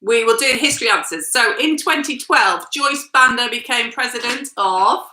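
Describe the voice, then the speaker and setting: A woman runs a family quiz at home in a brisk, teasing way. Her voice sits a little high and sounds very bright. The room gives her voice an echoey ring. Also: lively intonation. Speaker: quiz host, mother. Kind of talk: casual home quiz hosting.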